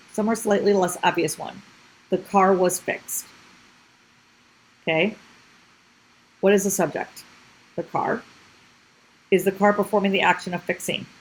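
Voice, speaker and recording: A woman's voice: medium pitch, slightly rough, rough recording. A woman teacher explaining a grammar lesson step by step, often checking in with the class.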